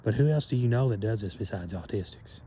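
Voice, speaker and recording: Man, rambling monologue, lowish mellow voice, loose and profane, lots of fillers. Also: lively intonation, lo-fi sound, a little hiss or hum. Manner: meandering, profane, many fillers and trailing pauses.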